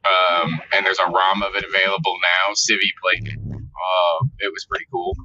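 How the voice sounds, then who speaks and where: A man's voice: deep voice, fairly even intonation, normal speed, sharp tone. A man vlogging in a casual, profane, exasperated rant straight to camera. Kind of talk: casual ranting monologue. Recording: dull lo-fi audio.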